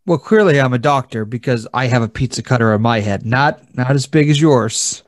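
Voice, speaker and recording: A man's voice: medium pitch, normal speed, no echo. A man playing a tabletop game, speaking in character with a hesitant manner and frequent restarts. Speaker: player. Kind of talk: in-character tabletop role-play.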